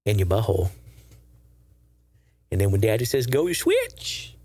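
A man's voice: lowish voice, huge pitch swings, a little slow, darkish tone, slightly rough, no room sound, pitched below the performer's own voice, exaggerated voice. A man doing a creepy leering oddball. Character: creepy odd man telling a crude game.

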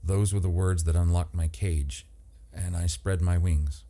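A man voicing a wistful, dreamy young woman who speaks softly and earnestly. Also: sits low, steady tone, unhurried.

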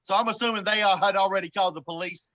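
Man in his forties, high bright voice, animated storyteller, stammers and laughs. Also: very fast, dull audio. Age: 40s. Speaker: guest telling a story. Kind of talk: casual storytelling.

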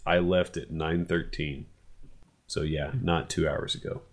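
A man telling a funny story in casual chat, animated and profane, acting out what people said. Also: a bass voice, a little slow. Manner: animated, profane, acts out quotes.

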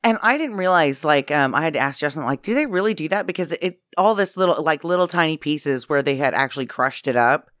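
A woman's voice: low voice, animated, a little fast, hardly any pauses, fairly bright tone, no echo, studio quality. Rambling playful woman on a podcast. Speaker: podcast co-host. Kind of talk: casual movie-review chat.

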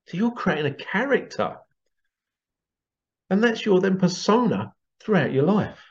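A man's voice: high-pitched, sing-song, measured pace, pauses often. Rambling man, lo-fi sound. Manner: rambling, repeats phrases, acts out quoted voices. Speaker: healing therapist. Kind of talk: casual monologue to camera.

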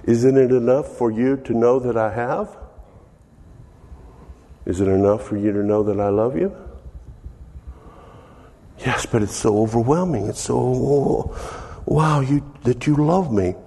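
A man's voice: medium pitch, measured pace, pauses often, warm tone, breathy edge, big-room sound. A man preaching as a pastor, reading scripture and reflecting on it earnestly, in a preacherly manner with restarts. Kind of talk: sermon, Bible reading and reflection.

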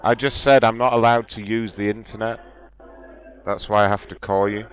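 A man making a prank call, asking absurd questions in a deadpan tone. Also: lowish voice, moderate pace. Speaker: prank caller.

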